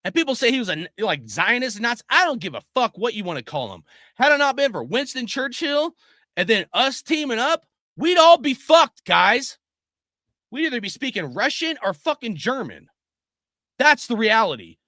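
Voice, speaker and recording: This is a middle-aged man giving an angry opinion rant, swearing in nearly every line. His voice sits high and leaps around in pitch. It has a bright, tense edge and is recorded dry and close. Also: sing-song, normal speed, no room sound. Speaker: video host.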